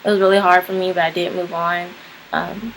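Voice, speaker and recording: A young woman talks to her camera in a loose, rambling way, full of "like" and "um". Her voice sits on the low side with a gravelly fry at the ends of phrases. A faint hiss runs under the recording. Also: flat delivery, fairly quick, poor audio. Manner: rambling, frequent "like" and "um" fillers. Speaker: vlogger. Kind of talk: casual personal storytelling.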